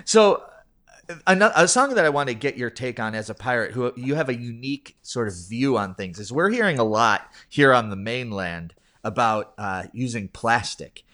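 A man's voice: mid-range voice, expressive, moderate pace, sharp tone. A man hosting a casual interview, playful and rambling, laughing often. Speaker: podcast host.

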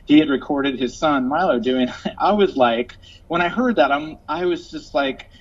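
A man who is a musician, chatting casually as a guest and telling stories with lively quoted voices. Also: moderate pace. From Los Angeles. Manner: animated storyteller, acts out quotes in a high voice. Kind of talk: casual chat. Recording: slightly dull audio with faint noise.

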